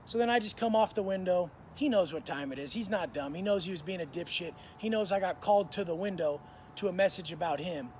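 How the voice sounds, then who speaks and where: Blunt, profane, high-voiced man. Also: fairly quick, slight background noise. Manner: blunt, profane, streetwise talk with slang. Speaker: former prisoner telling stories. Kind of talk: casual storytelling to camera.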